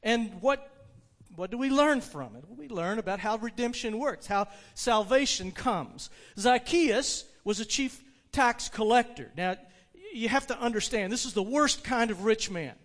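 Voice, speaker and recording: A man preaching a sermon, retelling a story with animated delivery and frequent restarts. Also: high voice, measured pace. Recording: long hall reverb.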